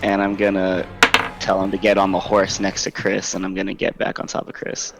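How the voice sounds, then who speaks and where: A man's voice: deep voice, monotone, a little fast, gravelly, loud music behind the voice. A man playing a tabletop game, laying out his character's moves and often laughing and repeating himself as he thinks. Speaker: player.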